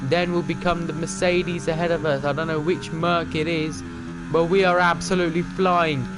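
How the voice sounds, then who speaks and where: A young man streaming a racing game live, talking to the other drivers and calling his own laps in excited commentary. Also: a little high, normal speed, music in the background.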